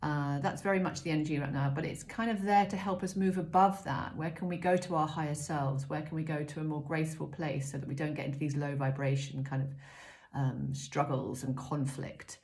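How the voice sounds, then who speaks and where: A middle-aged woman giving a casual spiritual card reading, gentle and chatty with many pauses and ums. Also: deep voice, steady tone. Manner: gentle, chatty, frequent ums, self-mocking asides. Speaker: oracle card reader. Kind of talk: casual spiritual guidance talk.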